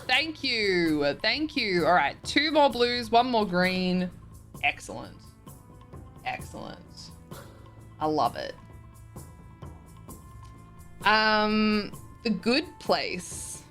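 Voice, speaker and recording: A woman's voice: lowish voice, a bit bright. A young woman streamer chatting casually as she reads and answers viewer messages, often giggling.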